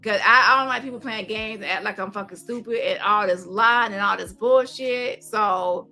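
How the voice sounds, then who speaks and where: A woman's voice: mid-range voice, moderate pace, pushed and bright, soft background music. A woman hosting a commentary stream, talking heatedly and repeating herself as she stacks up accusations. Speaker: host. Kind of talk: casual commentary to camera.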